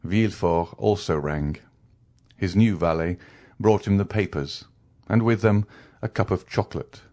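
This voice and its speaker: A man narrating a classic novel as an audiobook, reading in a measured way. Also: low voice, mellow. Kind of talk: scripted narration.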